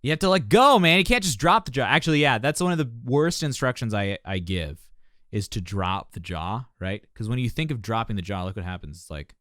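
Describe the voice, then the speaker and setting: A medium-pitched man talks briskly as a vocal coach reacting on a live stream. He's passionate and joking, teaching in an animated way, captured in clean studio sound with no echo.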